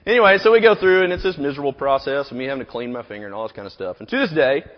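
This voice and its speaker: A man's voice: medium pitch, expressive, racing. A man in his thirties preaching a sermon, telling a personal story in a rambling, casual way full of "you know" asides. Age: 30s. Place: auditorium. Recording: echoey hall, dull recording.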